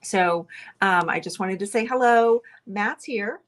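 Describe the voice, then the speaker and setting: A woman's voice: medium pitch, measured pace. Chatty woman hosting a live stream. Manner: chatty and rambling, talks to viewers. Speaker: live-stream host, painter. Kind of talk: casual live-stream chat. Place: indoors at a table, away from usual setup. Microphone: close to the camera.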